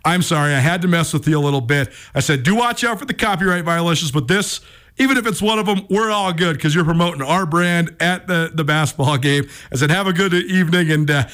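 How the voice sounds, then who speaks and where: A man in his thirties hosting a sports radio show, telling a story in a lively, self-mocking way with many restarts. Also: on the high side, a little fast.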